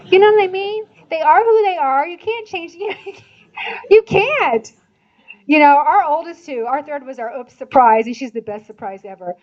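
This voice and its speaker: An older woman from Indiana speaks to a church audience in a chatty, animated way. She often adds laughing asides, and her voice sits fairly high. The recording sounds dull and lo-fi. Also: moderate pace. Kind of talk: church talk.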